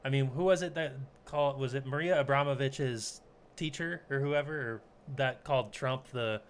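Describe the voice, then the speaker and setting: A man's voice: mid-range voice, moderate pace, clean tone. Male host, mid-range voice, easygoing reaction chat. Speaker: podcast host.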